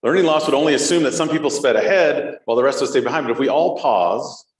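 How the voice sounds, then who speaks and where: A man's voice: on the high side, fast. Playful man co-hosting a live podcast. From Texas. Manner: playful, jokey, laughs often. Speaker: podcast co-host. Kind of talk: live podcast chat with audience. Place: conference hall stage. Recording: echoey hall with crowd mic.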